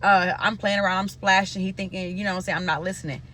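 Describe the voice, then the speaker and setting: A woman's voice: mid-range voice, steady tone, fast talker, sharp tone, slight background noise. A woman from Nebraska telling a story in a loose, profane, casual style and talking straight to her viewers. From Omaha, Nebraska.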